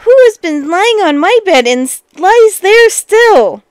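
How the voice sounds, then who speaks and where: A woman voicing a small young male bear in a storybook, tearful and indignant, with a squeaky, loud, drawn-out delivery. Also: sing-song, no echo, studio quality, heavily acted. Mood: astonished.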